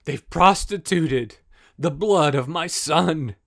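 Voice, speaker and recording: A man preacher voicing God the Father in a grave, slow, sorrowful rebuke. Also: on the high side, vocal fry, a bit bright, voice pushed down, full character voice.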